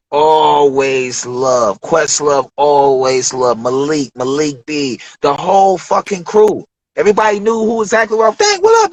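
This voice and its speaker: A man's voice: on the high side, dry recording, low-quality recording. A man from Detroit telling studio stories in a casual interview, acting out the voices of the people he quotes and swearing freely. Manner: animated storyteller, acts out quoted voices, profane slang. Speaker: interview guest, rapper.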